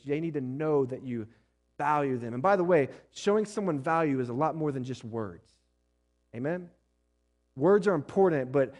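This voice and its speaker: A man preaches to his congregation with a somewhat raised pitch. He builds to loud, pressing emphasis, then drops to a hushed, close tone. He keeps turning to the room with quick questions. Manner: preaching with rising and falling intensity, asks the congregation questions. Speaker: pastor. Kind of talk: sermon.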